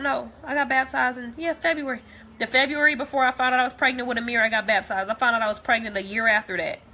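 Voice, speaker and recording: A woman's voice: high-pitched, pushed and bright. A young woman talking straight to camera, blunt and heated, repeating herself as she vents. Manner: blunt, repetitive, heated, profane. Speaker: vlogger. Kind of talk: direct-to-camera rant.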